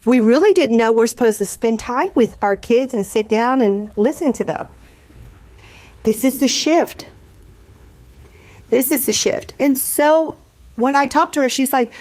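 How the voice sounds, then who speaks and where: Candid middle-aged woman, higher voice. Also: unhurried, long pauses, a little mellow, dry recording. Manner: candid, earnest, confessional; conversational with frequent restarts. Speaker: panelist, community program leader. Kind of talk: panel discussion talk.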